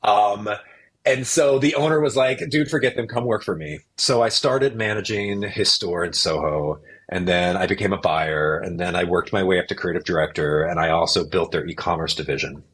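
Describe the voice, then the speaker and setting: Husky-voiced man telling his story. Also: sits low, normal speed. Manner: animated storyteller who acts out what others said. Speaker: podcast guest. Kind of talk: casual storytelling interview.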